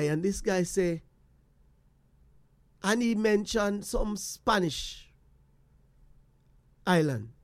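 Jamaican guy telling a story, lively, drops into patois, dry room. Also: high voice, no echo. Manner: animated, slipping into patois, repeats phrases. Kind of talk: personal storytelling monologue.

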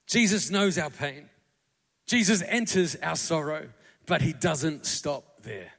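High-voiced guy preaching, gravelly edge, gets fired up and shouty, long echo in a big church hall. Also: expressive, slow. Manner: impassioned, builds to shouting crescendos. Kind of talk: sermon.

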